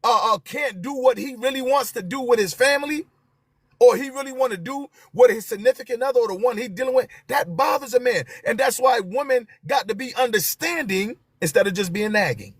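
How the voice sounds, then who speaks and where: A man's voice: very high-pitched, animated, a little fast, breathy edge, no echo, clean studio sound. A man, hosting a live stream and talking to viewers with passion, repeating his key phrases for emphasis.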